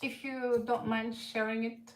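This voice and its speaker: A woman's voice: fairly high pitch, flat delivery, a little slow, distant mic, background noise. A woman who is not a native English speaker, with a mixed British and Russian accent, reading tarot live for chat viewers in a hesitant way with many fillers. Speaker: tarot reader. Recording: echoey room, voice from off-mic.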